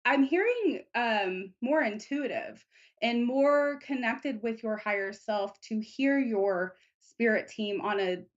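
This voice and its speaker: A woman psychic talks through a reading in a gentle, reassuring voice that sits a little high. She takes her time and keeps the tone calm and soft. The audio is dull and lo-fi, like a stream recording. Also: slow. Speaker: psychic reader. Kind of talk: live psychic reading on internet radio.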